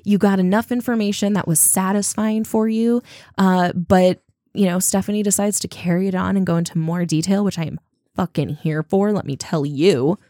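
A woman's voice: medium pitch, fairly even intonation, moderate pace, dark tone, dry recording, clean studio sound. A woman co-hosting a podcast, chatting casually about a novel with frequent fillers. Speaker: podcast co-host. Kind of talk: casual book-club chat.

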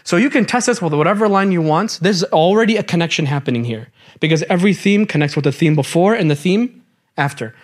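A young man teaching a Quran class in a lively, casual way, quizzing his students as he goes. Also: a little high, fast talker. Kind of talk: classroom lecture.

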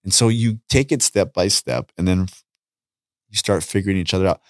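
A man talking casually on a podcast, an animated storyteller who acts out conversations and repeats his points. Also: sits low, brisk, dry recording, clean studio sound. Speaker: podcast guest, street preacher. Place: podcast studio.

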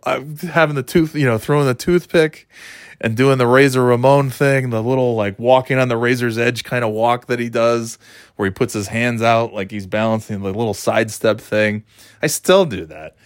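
A man's voice: mid-range voice, normal speed, dry recording, studio quality. A man in his forties chatting casually, telling rambling, enthusiastic stories and laughing often. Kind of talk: casual chat.

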